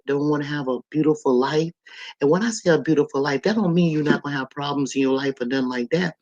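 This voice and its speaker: A man's voice: fairly high pitch, darkish tone, lo-fi sound. A man, hosting a livestream and talking in a blunt, profane, rambling monologue. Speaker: livestream host.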